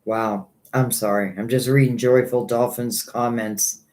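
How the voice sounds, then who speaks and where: A man's voice: mid-range voice, steady tone, measured pace, a little mellow. Man rambling through a tarot live stream. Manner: rambling, thinking aloud; earnest, a little hurt by critics. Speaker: psychic tarot reader.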